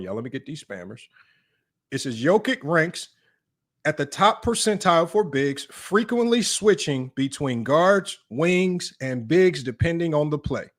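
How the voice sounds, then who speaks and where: Young male sports streamer with a high voice, blunt and sarcastic, reads stats aloud and talks straight to chat. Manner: blunt, sarcastic, addresses viewers directly as y'all. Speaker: sports commentary host.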